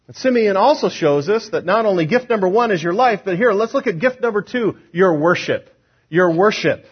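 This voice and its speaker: A man's voice: on the high side, husky, dull audio. A man preaching a sermon as pastor, asking the congregation questions and acting out the words of others.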